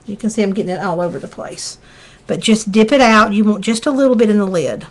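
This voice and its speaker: A woman's voice: medium pitch, expressive, quick pace. A middle-aged woman with a Southern US accent, chatting through a live craft tutorial in a folksy way as she works. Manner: chatty, folksy, talks while working. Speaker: craft demonstrator.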